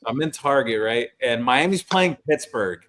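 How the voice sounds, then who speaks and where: A man's voice: medium pitch, animated, moderate pace, very noisy. Man telling long sports stories. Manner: long-winded storyteller who quotes himself. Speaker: podcast co-host. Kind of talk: casual sports chat. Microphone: video call.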